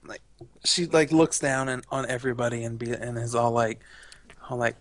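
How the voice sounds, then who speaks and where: Bright-voiced young man rambling. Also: mid-range voice, moderate pace. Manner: rambling, filler-heavy, opinionated. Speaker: podcast co-host. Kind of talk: casual chat.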